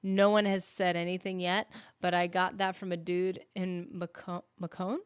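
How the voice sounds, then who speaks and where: A woman with a low-ish, smooth voice and flat delivery talks at a moderate pace, recorded with studio quality and no echo. Chatting casually on a game stream, this northern U.S. woman rambles, says "like" often, interrupts herself, and reads viewer comments aloud.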